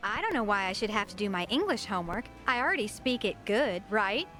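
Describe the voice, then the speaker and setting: A woman's voice: medium pitch, very animated, fairly quick, pushed and bright, faint music behind. A woman voicing a ditzy, cheerfully dim teenage girl in a video game, with a chirpy, sing-song delivery. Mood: airheaded.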